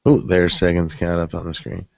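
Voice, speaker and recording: A man's voice: deep voice, monotone, moderate pace, gravelly, a little mellow, dry recording, muffled recording. A tired man co-hosting a casual late-night podcast chat, rambling and joking, swearing now and then. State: tired, yawning. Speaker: podcast co-host. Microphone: webcam setup.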